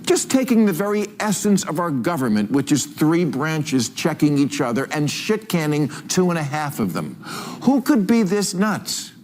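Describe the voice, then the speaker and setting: A man's voice: fairly high pitch, big pitch swings, normal speed, darkish tone. A man performing a scripted satirical monologue as a talk host, mocking and sarcastic, landing punchlines. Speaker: political comedy talk host.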